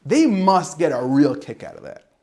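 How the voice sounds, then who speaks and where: A middle-aged man, a rabbi giving an informal Torah talk to high school students, telling stories with acted-out dialogue and Yiddish and Hebrew words mixed in. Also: moderate pace. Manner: animated storytelling with acted-out dialogue and asides.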